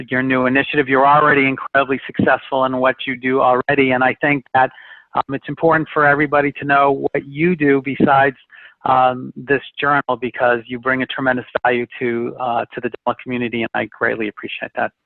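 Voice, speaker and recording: A man's voice: medium pitch, level tone, a little fast, vocal fry, dry recording. A man guest in an interview talking in an earnest, reflective way, with many fillers. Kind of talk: casual interview talk. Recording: tinny phone-line sound.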